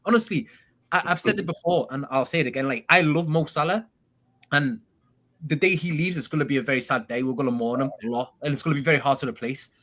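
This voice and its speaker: Male podcast co-host, quick and eager, fairly high voice, casual football chat. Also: a bit bright. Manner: enthusiastic, admiring, quick.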